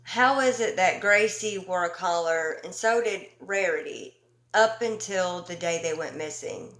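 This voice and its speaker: A woman giving casual opinion commentary, talking slowly and emphatically with an indignant edge and many ums and pauses. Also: on the low side, a bit bright, reverberant. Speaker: commentary YouTuber.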